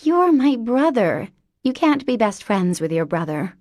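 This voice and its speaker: A woman voicing a childlike, eager and affectionate young woman in an audiobook, with a high, bubbly voice. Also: sing-song, unhurried, a little mellow, no echo, clean studio sound. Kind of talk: audiobook character voice.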